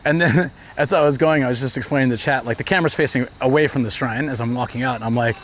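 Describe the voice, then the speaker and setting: A man's voice: medium pitch, quick pace, few pauses, fairly bright tone. Chatty man streaming from a city street. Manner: rambling storytelling with frequent fillers. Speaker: livestreamer. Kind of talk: casual walking livestream chat. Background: traffic and city ambience.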